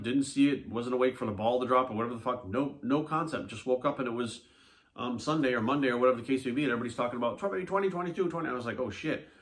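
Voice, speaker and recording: A man, a fitness coach, telling a personal story in a blunt, animated way with a lot of swearing. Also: medium pitch. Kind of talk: casual monologue to camera.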